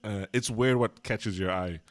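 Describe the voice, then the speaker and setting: A man co-hosting a casual movie-review podcast, chatty and quick to laugh, wandering off into tangents. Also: fairly low pitch, no room sound. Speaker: podcast co-host.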